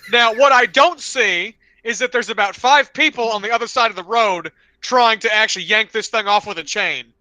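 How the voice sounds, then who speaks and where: A young man on a podcast telling rambling, animated stories, now and then slipping into loud voices for his friends. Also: high-pitched, normal speed, few pauses, dry recording. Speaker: podcast co-host. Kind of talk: casual storytelling chat.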